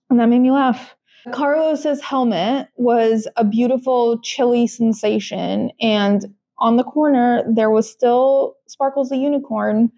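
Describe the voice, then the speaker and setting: A woman's voice: fairly high pitch, steady tone, measured pace, dark tone. A young woman co-hosting a podcast, talking casually with lots of fillers and restarts. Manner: chatty, frequent fillers and restarts. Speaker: podcast co-host. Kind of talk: casual chat.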